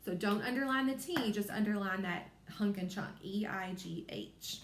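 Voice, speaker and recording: A first grade teacher with a Kentucky accent gives a reading lesson to young children, sounding out letters slowly and clearly. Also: female voice, medium pitch, echoey room, slight background noise.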